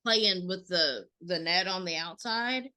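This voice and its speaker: A woman's voice: lowish voice, measured pace, sharp tone. A woman in her thirties co-hosting a podcast, telling a story animatedly, acting out the quotes and swearing freely. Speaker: podcast co-host. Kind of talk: casual storytelling chat.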